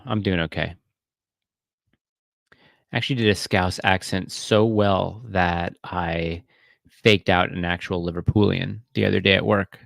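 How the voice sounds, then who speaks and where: A man's voice: deep voice, creaky, no room sound. A man hosting a casual livestream, chatting and rambling with many fillers and restarts. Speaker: livestream host.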